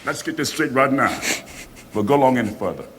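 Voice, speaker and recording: A man's voice: mid-range voice, very animated, fairly quick, fairly bright tone, a little hiss or hum. An actor playing a stern working father who lectures his son in a film drama, in a commanding way.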